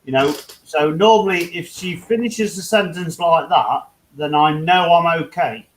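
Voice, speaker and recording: A British man with a fairly high voice speaks at a measured pace, and the recording is rough. He hosts a hangout, chatting casually with friends as he rambles through stories, swears freely, and laughs at himself.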